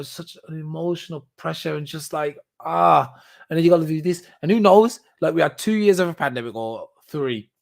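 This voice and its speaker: A man's voice: fairly high pitch, vocal fry, a little mellow. A man hosting a podcast, talking alone in a casual, rambling way with many fillers, restarts and bursts of laughter. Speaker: podcast host. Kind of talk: casual solo commentary.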